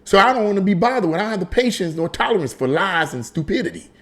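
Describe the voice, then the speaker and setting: A man's voice: sits high, quick pace. A man hosting a casual political commentary monologue, emphatic and conversational, repeating his points as he tells a story. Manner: animated storytelling with frequent repetition. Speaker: political commentary channel host.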